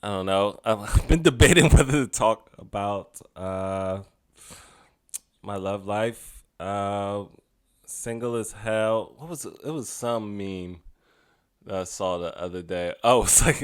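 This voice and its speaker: A young adult man hosting a solo podcast in a casual, chatty way, laughing often and drifting between loud asides and quiet musing. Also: fairly low pitch, takes it slowly, long pauses, clean tone, dry recording, studio quality. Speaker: podcast host.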